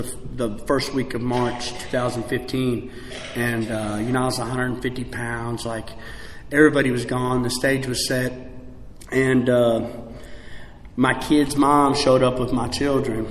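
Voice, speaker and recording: Man sharing his recovery story at a convention, fervent to confessional, slightly high pitch, roomy reverb, faint hall noise. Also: a bit bright. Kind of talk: recovery meeting share.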